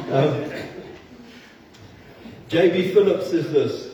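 A man's voice: on the high side, moderate pace, mellow, a little hiss or hum. Man preaching in an echoey church. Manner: earnest, conversational preaching with self-deprecating asides. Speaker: pastor. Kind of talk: sermon. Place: church sanctuary. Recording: distant, roomy, dull-toned church recording.

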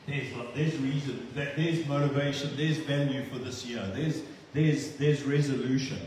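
A man's voice: mid-range voice, fairly even intonation, normal speed, few pauses, darkish tone, a little hiss or hum. Earnest man preaching in an echoey hall. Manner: earnest, repeats words for emphasis. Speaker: pastor. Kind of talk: sermon. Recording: echoey hall, distant mic.

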